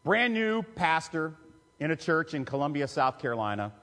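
A man, a pastor telling a personal story in a sermon with emotional, confessional warmth. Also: on the high side, sing-song, normal speed. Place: church sanctuary. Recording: long reverb of a church hall.

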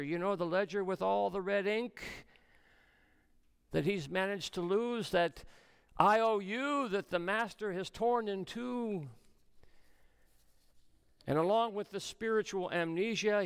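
Gravelly, resonant male pastor preaching. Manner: dramatic swings between soft low passages and raised emphatic ones. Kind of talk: sermon.

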